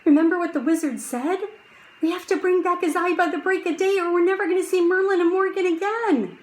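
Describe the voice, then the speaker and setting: A woman doing a young boy shouting high and fierce. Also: a little fast. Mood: urgent. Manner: loud shouting, high and strained. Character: brave young boy, fierce when scared.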